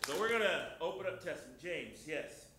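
A man pastor preaching an informal sermon in a folksy, emphatic way, swinging between loud and soft. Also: a little high, lively intonation, moderate pace. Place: church hall. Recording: very echoey room, faint noise.

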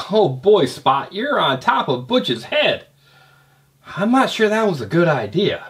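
Animated man reviewing toys for kids. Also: sits high, a little slow. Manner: animated, chatty, asks the viewer questions. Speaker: toy reviewer. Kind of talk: kids' toy review narration.

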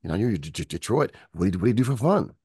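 A man from Michigan telling his story as an interview guest, and his low voice has a gravelly, husky grain. He acts out the people he quotes with a lively, rising and falling pitch. The recording is close and dry. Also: rapid-fire, no echo. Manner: animated storyteller acting out quotes. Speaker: guest, music producer.

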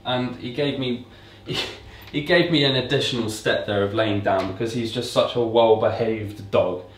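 A man's voice: mid-range voice, moderate pace, distant mic, a little hiss or hum. Man explaining dog training in a roomy echo. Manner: relaxed, explanatory, repeats commands to mimic owners. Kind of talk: casual instructional talk. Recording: roomy echo, speaker away from mic.

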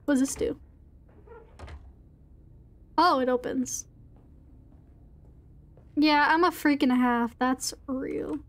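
A woman's voice: high voice, takes it slowly, long pauses, fairly bright tone. A woman streamer chatting playfully with her viewers while playing a horror game. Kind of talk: casual gaming chat.

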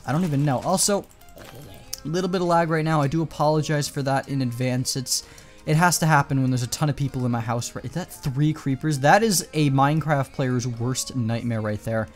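Casual male gameplay commentator, chatty and rambling, mid-pitched, with faint music under him. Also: brisk. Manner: chatty, rambling, coaxing in-game animals.

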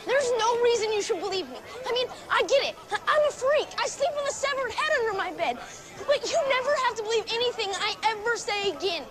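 A man's voice: very high voice, animated, a little fast. A young actor playing a frantic teenage boy who insists monsters are real, pleading and urgent. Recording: film soundtrack with music and crowd.

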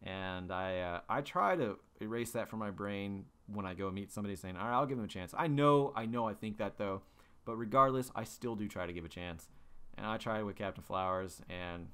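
A man's voice: lowish voice, brisk, a bit bright, clear, resonant tone. A young man hosting a podcast, telling stories in a loose, rambling way full of fillers and restarts. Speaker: podcast host. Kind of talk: casual monologue.

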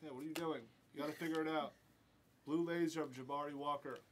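A man's voice: on the high side, fairly even intonation, fast talker. Chatty man calling a card break. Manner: rattles off player names, chatty and teasing. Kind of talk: live card break commentary. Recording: noisy room with crinkling packs.

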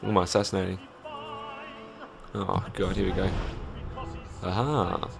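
A man's voice: low-pitched, steady tone, unhurried, gravelly, over music. A man giving jokey, sweary live gameplay commentary. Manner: sweary, jokey, reacting aloud.

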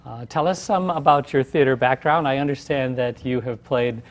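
A man hosting a community TV interview as a theater company president, hesitant with frequent pauses and fillers. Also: medium pitch. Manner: hesitant, many uhs.

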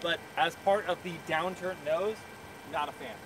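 A talkative man with a slightly high voice gives frank opinions on a live stream. He is outdoors beside a car, a little distant from the phone mic, with clear background noise around him. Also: normal speed. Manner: opinionated, chatty, with fillers. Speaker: car reviewer hosting a live Q&A. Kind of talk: casual live-stream chat. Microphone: phone camera.

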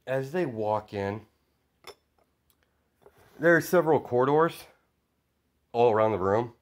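A man's voice: mid-range voice, animated, unhurried. A man telling an improvised story in a loose, rambling way, with many fillers and chuckles.

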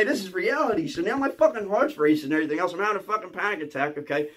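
Fast-talking, high-voiced male comic storyteller. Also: slightly rough. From Philadelphia. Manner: profane, excitable, keeps asking "okay?"; stammers and restarts often. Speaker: comedian.

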